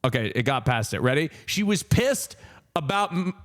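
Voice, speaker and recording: A man's voice: on the high side, very animated, normal speed, a bit bright. A man in his thirties telling a personal story on a stream. He rambles with many fillers, laughs and swears. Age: 30s.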